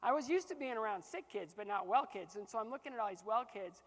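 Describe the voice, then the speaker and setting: Male motivational speaker, lively storyteller who laughs easily, in a big reverberant hall. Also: high voice, fast. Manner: animated, acts out dialogue, laughs often. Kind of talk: keynote storytelling to a live audience.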